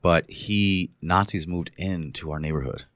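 A man's voice: sits low, a little slow, a bit bright, dry recording, clean studio sound. A man telling stories in a loose, profane casual chat, hungover today. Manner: loose, profane storytelling with laughs.

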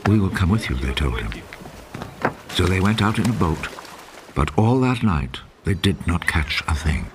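A man's voice: sits low, sing-song, normal speed, noisy background. A man reading a Bible passage as recorded narration for a church video. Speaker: scripture reader in a video.

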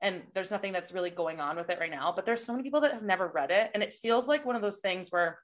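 A woman co-hosting a casual book podcast, talking in an animated, chatty way with lots of fillers. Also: mid-range voice, quick pace. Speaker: podcast co-host.

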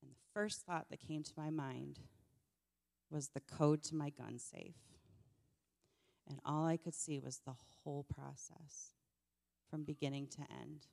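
A woman telling her personal story of struggle in an earnest, emotional way, her voice often dropping soft. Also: deep voice, fairly even intonation, unhurried, gravelly, long pauses, long reverb tail. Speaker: church member sharing testimony. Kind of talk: personal testimony on stage.

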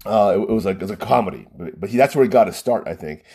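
A man's voice: fairly low pitch, expressive, very fast, darkish tone, breathy edge. A man telling a rambling story in a casual monologue, often repeating words and restarting.

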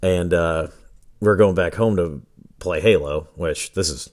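Deep-voiced, profane podcast guy. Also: a little slow, a little mellow. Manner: loose, profane, laughing storyteller. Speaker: podcast host. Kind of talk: casual solo podcast storytelling. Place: home with a dog nearby.

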